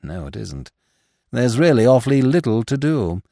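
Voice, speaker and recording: A man's voice: medium pitch, sing-song, normal speed, creaky, mellow, no echo. A man playing a reserved young ex-soldier who answers in a dry, courteous, understated way. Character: polite, reserved young ex-soldier, a bit stiff.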